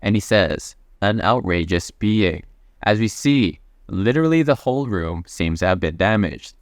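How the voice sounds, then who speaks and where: A man's voice: fairly low pitch, lively intonation, moderate pace, dry recording. Man casually recapping a comic, dry close mic. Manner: reads character quotes in his plain voice, chatty asides. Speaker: manhwa recap narrator.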